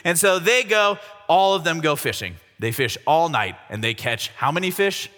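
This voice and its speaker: Young man, youth speaker, jokey sermon, lively pitch, long hall reverb. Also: normal speed, faint music behind. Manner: jokey, animated, slangy. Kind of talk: comic sermon storytelling.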